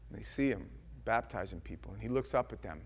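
A man preaching a sermon in a casual, folksy way, shifting from quiet asides to loud, emphatic scripture readings. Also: fairly low pitch, fast, slightly rough. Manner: conversational, folksy preaching with slang.

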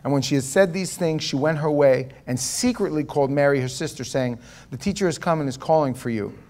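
A man's voice: a little high, a little fast. Folksy man preaching a Bible study. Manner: folksy, animated, swings from soft asides to loud emphatic reading; reads scripture aloud with running commentary. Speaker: pastor leading a Bible study. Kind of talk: conversational sermon.

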